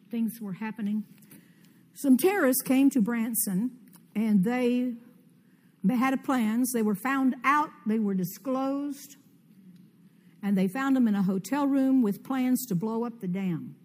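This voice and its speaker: An older woman preaching a conference sermon, fervent and commanding, with sudden loud rises in her declarations. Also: fairly high pitch. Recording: long hall reverb.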